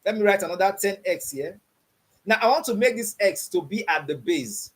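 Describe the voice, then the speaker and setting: High-voiced man teaching coding. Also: expressive, normal speed. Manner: repeats "you understand what I'm saying?" and quizzes with "what?". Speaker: coding instructor. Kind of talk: online coding class.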